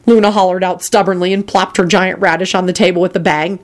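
A woman reading a story aloud with expressive storytelling and occasional slips. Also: on the low side, a little fast, hardly any pauses. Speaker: reader.

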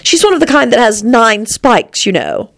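A woman's voice: on the high side, huge pitch swings, normal speed, fairly bright tone, dry recording, pitched above the performer's own voice, exaggerated voice. A woman doing a prim, condescending rose. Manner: prim, critical, falsely kind. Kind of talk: storybook reading.

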